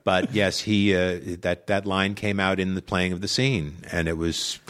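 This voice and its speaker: A very deep-voiced man talks as a podcast guest in a loose, casual chat. He laughs easily and trips over his words, restarting his sentences as he goes. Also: steady tone, a bit bright. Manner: laughs easily, halting self-corrections. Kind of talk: casual conversation.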